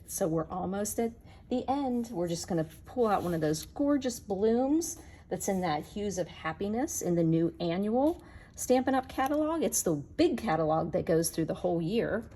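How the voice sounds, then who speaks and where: A woman's voice: on the low side, expressive, moderate pace, dark tone. Woman, craft demonstrator, chatty, talks to viewers while working, faint noise behind. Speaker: card-making demonstrator. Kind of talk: casual crafting tutorial.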